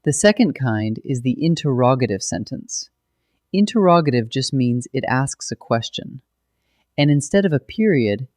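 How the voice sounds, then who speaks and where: A man narrating a scripted grammar lesson, explaining patiently and clearly step by step. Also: medium pitch, a little mellow, no room sound. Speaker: grammar teacher.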